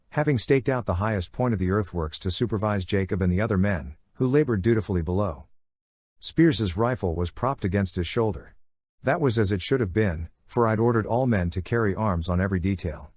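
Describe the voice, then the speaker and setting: A man narrating an audiobook in a steady, even storytelling manner. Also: lowish voice, a little fast, no room sound, clean studio sound. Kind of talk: scripted narration.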